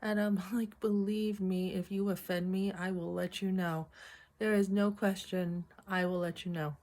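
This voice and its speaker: A middle-aged woman casually telling a funny story from her job, chatty and animated, acting out what people said and often clearing her throat. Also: medium pitch, normal speed. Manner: chatty, animated retelling with acted quotes. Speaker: vlogger.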